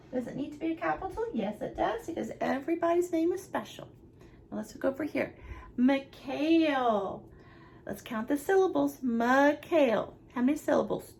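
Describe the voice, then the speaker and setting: A young woman, a nursery teacher going slowly and encouragingly through a lesson for small children. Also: sits high, expressive, vocal fry, darkish tone, a little hiss or hum. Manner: slow, sing-song, encouraging teacher talk.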